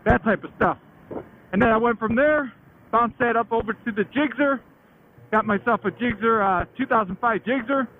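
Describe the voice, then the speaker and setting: A man in his late thirties with a high voice spins a loose, slangy story about his riding days, swearing casually as he goes. The sound is thin and tinny like a phone line, with a light hiss under it. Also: normal speed. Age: late 30s. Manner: slangy, chatty, laughs often, swears. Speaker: motorcycle vlogger.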